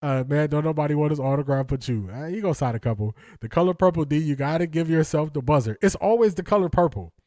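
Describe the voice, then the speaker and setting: A man's voice: a little high, quick pace, few pauses, darkish tone, dry recording, studio quality. A man hosting a casual live stream, reading comments aloud, laughing often and repeating catchphrases in slangy talk. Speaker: host.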